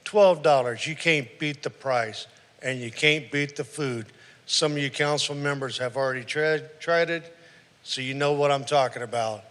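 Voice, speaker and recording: A man's voice: moderate pace, a bit bright. A man, speaking for a veterans' group, giving an upbeat community announcement in a reverberant council chamber. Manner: upbeat, listing items like a pitch.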